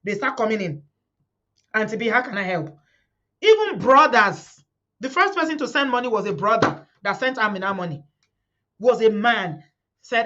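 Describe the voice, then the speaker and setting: A woman's voice: fairly high pitch, big pitch swings, normal speed, pauses often, pushed and bright, lo-fi sound. A middle-aged Nigerian woman hosting a live stream, talking fervently to her viewers, repeating words and quoting the people she speaks about. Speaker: host of a live community stream.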